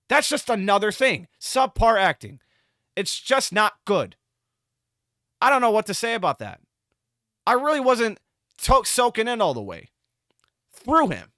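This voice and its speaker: A man rambles through an exasperated movie review, restarting his sentences as he goes. His voice is bright and a little high, with pitch that jumps around a lot. The sound is dry and close. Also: dry recording. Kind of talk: casual spoken movie review.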